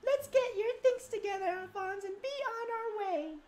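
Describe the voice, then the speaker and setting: A woman voicing a gentle, regal queen mother in a game playthrough, with a sweet, high, graceful delivery. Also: moderate pace. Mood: gracious. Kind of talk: gameplay voice-acting.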